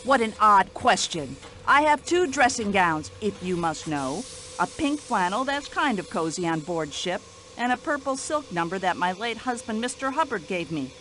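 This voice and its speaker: An actress voicing a brash, nosy older American widow in a video game, speaking in an indignant, chatty American accent. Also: female voice, mid-range voice, big pitch swings, normal speed, fairly bright tone.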